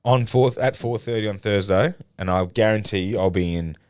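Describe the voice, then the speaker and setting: A man's voice: lowish voice, moderate pace, a little mellow, clear, resonant tone, no echo, studio quality. An Australian man co-hosting a podcast, rambling through a story with plenty of swearing and laughter in casual chat. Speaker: podcast co-host.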